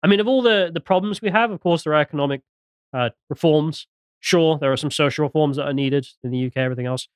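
A man's voice: fairly high pitch, fast talker, clear, resonant tone, no room sound, clean studio sound. A British man co-hosting a podcast, reading out news stories with mocking, sarcastic commentary. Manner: mocking, sarcastic, swings into jokey mimicry.

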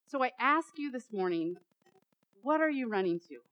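A woman's voice: on the high side, expressive, moderate pace, no room sound, muffled recording. A woman preacher giving a dramatic sermon, repeating phrases and building to emphatic peaks.

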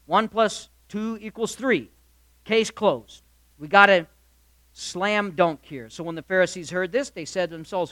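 Male pastor, high bright voice, dry close sound. Emphatic sermon delivery that swings loud to quiet, full of rhetorical questions to the room. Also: unhurried, no room sound. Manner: addresses listeners directly, asks rhetorical questions. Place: church or hall with live congregation.

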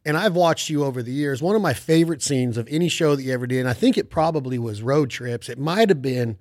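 A man's voice: medium pitch, fast talker, darkish tone, no echo, studio quality. A man hosting a podcast, asking his guest questions in a chatty, admiring way. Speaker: podcast host. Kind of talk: casual interview.

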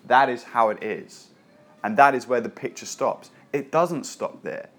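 A man's voice: medium pitch, measured pace, a bit bright. A man preaching a sermon as a pastor, reading scripture and then talking in a casual, joking, conversational way.

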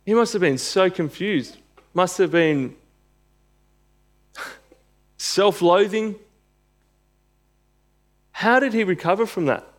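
A man's voice: high voice, takes it slowly, long pauses. Emphatic, earnest male preacher. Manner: earnest, emphatic, builds to bursts of intensity. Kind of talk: sermon with scripture reading.

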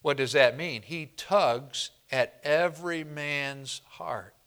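Male pastor, slow deliberate sermon delivery, higher voice, call-and-response style. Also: a bit bright, smooth. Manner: slow, emphatic preaching with call-and-response questions.

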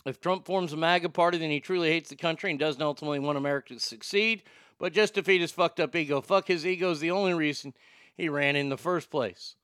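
A man's voice: a little high, quick pace, a bit bright, clear, resonant tone, dry recording, studio quality. A man hosting casual political commentary, blunt and profane, reacting to viewer comments. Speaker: political commentary host reading chat.

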